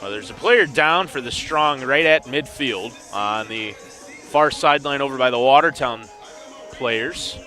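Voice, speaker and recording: A man doing play-by-play commentary on a football game, with a bright, forceful voice. He mixes quick calls of each play with dry, wry remarks about the confusion on the field. Faint music sits behind him. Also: medium pitch. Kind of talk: sports commentary.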